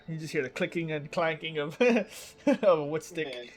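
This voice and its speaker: A man's voice: fairly high pitch, lively intonation, a little slow, few pauses, faint music behind. A man narrating a tabletop game as game master, casual and often breaking into laughter. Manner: casual, laughing between lines.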